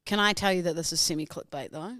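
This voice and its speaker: A woman's voice: lowish voice, a bit bright, no echo, clean studio sound. A young woman, co-hosting a podcast in playful, teasing casual chat. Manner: playful, giggly, quick to tease. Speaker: podcast co-host.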